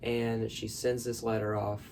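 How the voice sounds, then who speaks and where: A man's voice: lowish voice, level tone, unhurried, creaky, darkish tone, faint music behind. A man in his bedroom rambling through a film recap, full of "like" and "um". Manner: rambling, filler-heavy, lots of "like". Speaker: vlogger. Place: bedroom at night.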